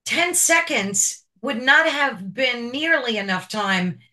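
A woman's voice: fairly high pitch, animated, slow, sharp tone. A woman hosting an interview show, asking her guest questions in a chatty, personal way. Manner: chatty, personal, with filler repeats. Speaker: podcast host.

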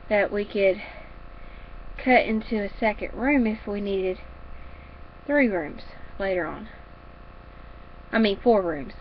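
A woman's voice: medium pitch, lo-fi sound, slight background noise. A woman chatting casually and rambling about her crafts in a home craft room. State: a little out of breath. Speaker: crafting vlogger. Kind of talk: casual chat.

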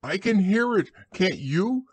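A man voicing a small, timid male piglet who squeaks, stammers and is out of breath. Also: takes it slowly, exaggerated voice. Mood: anxious. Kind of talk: storybook reading.

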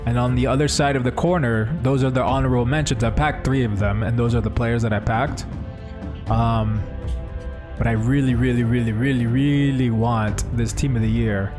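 A man's voice: medium pitch, steady tone, moderate pace, music in the background. A man streaming a video game live, talking casually and enthusiastically to his chat from home. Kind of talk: live gameplay commentary.

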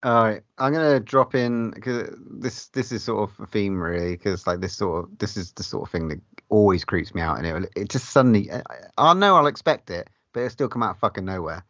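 A man co-hosts a podcast in lively casual chat, swearing heavily. His voice is very low, and the recording is dry and dull. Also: brisk, few pauses, no room sound. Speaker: podcast co-host. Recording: dry, muffled podcast audio.

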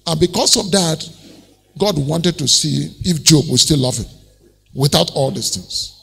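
Nigerian pastor, high lively gravelly voice, sermon in an echoing church. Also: male voice, measured pace. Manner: animated storytelling preaching with laughs.

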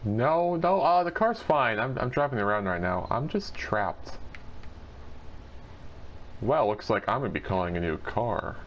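A man's voice: medium pitch, expressive, unhurried, pauses often, a little hiss or hum. A man hosting a casual gaming video, swearing freely and laughing often as he plays.

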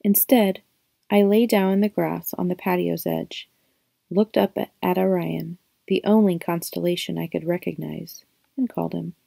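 A woman reading a novel aloud in a calm, even, reflective first-person narration. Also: fairly low pitch, moderate pace, vocal fry, dry recording. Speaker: audiobook reader.

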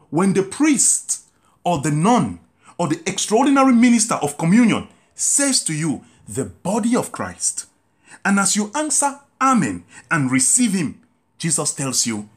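Animated priest preaching. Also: male voice, sits high. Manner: preaching with drawn-out emphatic phrases and sudden lifts and drops. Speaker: Catholic priest. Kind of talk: sermon.

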